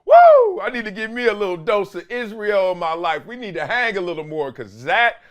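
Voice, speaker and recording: Man, high voice, very lively pitch, emphatic slangy sports talk, host. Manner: animated and emphatic, slangy, drawn-out for stress. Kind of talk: sports commentary monologue.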